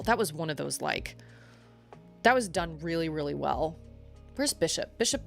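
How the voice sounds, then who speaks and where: A woman livestreaming, chatting casually and rambling as she reacts to her viewers. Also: fairly low pitch. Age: adult parent. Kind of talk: casual chat.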